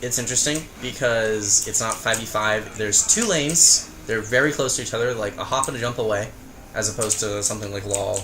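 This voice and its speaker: A man's voice: on the low side, a little fast, background noise. A young man co-hosting a casual gameplay chat, rambling and hesitant with frequent restarts. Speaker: co-host.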